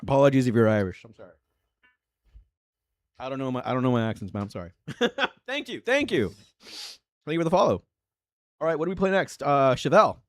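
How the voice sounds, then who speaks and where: A man's voice: mid-range voice, animated, fairly quick, long pauses, dry recording, studio quality. An American man hosting a livestream of song requests, chatting loosely with viewers, joking, swearing and laughing often. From United States. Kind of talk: casual chat to a live chat audience.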